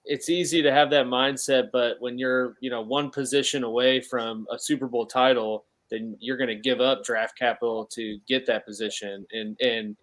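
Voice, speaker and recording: Male podcast co-host, mid-pitched and easygoing; stumbles into points and asks questions. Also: steady tone, normal speed, few pauses, fairly bright tone. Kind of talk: casual sports podcast chat.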